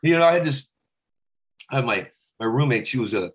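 Fast-talking comedian jumping into voices. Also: male voice, mid-range voice. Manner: animated, slips in and out of celebrity voices. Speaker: comedian and impressionist. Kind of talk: casual chat. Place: podcast studio.

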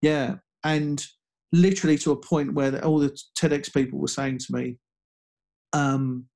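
A man telling a personal story in casual conversation, halting with frequent restarts and fillers. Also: a little high, flat delivery, creaky, darkish tone. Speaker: guest speaker.

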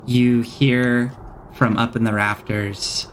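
A man's voice: medium pitch, flat delivery, slow, a little hiss or hum. A man running a tabletop game as game master, explaining rules and lore with many hesitant fillers.

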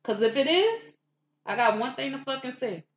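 A woman's voice: high voice, big pitch swings, normal speed. Profane, fiery woman ranting. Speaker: podcast co-host. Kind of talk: heated rant on a podcast. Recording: roomy, dull lo-fi room sound.

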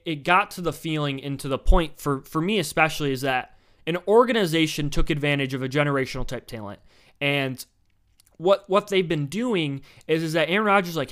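A young man giving casual, blunt sports commentary, animated and swearing as he acts out what players and teams said. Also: fairly high pitch, clean tone. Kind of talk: casual sports opinion talk.

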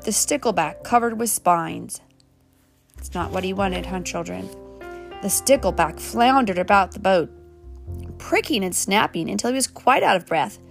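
A woman reading a children's storybook aloud, gently, turning now and then to talk to the children. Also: mid-range voice, vocal fry. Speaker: storybook reader.

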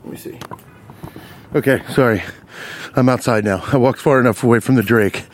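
A young man hosting a podcast, telling a rant-style story outdoors on a city street, animated and profane. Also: mid-range voice, normal speed, a little hiss or hum. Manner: animated, profane, riffs on his own story. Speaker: podcast host.

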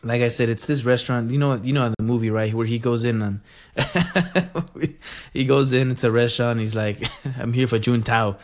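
A man telling a story in a casual, rambling and excitable way, full of fillers. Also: medium pitch, normal speed.

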